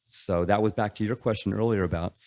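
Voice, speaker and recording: An older man, a podcast guest, telling rambling stories in a casual, animated way. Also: on the low side, brisk. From United States. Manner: rambling, animated anecdotes with acted quotes. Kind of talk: casual storytelling.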